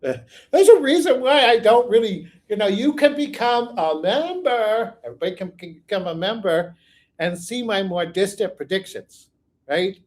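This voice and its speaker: A man hosting a psychic channel, reading out viewer questions and answering them in a rambling, think-aloud way. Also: sits high. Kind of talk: live viewer Q&A.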